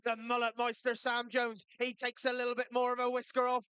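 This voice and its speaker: A woman giving lively, colourful live commentary on a shearing competition. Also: fairly high pitch, a little fast, smooth, no echo. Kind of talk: live sports commentary over a PA.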